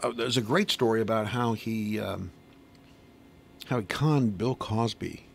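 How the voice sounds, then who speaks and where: A man's voice: lowish voice, measured pace, gravelly. A man hosting a local morning radio show, chatting in an easygoing, conversational way. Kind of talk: casual radio chat. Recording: radio studio with faint background noise.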